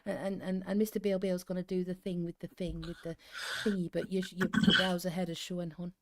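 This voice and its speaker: A woman's voice: on the low side, flat delivery, brisk, slight background noise. A woman in her fifties from England, co-hosting a livestream in a chatty, rambling way and often laughing, who reads stories aloud. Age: 50s. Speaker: co-host reading stories. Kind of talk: casual livestream chat and story reading.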